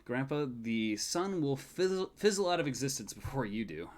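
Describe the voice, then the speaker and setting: A man's voice: mid-range voice, very animated, moderate pace, a little mellow, pitched above the performer's own voice, close to an everyday voice. A man voicing an anxious young groom. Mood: wry. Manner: hesitant, unsure.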